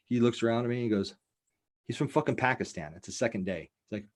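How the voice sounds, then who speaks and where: A man hosting a casual podcast, telling a wild story in a profane, rambling, animated way. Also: mid-range voice, fast. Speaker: podcast host.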